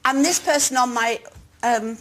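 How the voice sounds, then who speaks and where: A woman in a casual group chat, talking hesitantly and with feeling, with many pauses. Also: fairly high pitch. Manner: hesitant, emotional, many fillers. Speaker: panel guest. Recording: loud noise and crowd behind.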